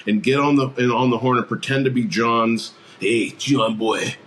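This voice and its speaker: A man's voice: medium pitch, fairly quick. Man retelling a movie scene. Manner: animated retelling, acting out movie quotes. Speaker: podcast co-host. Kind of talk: casual movie chat.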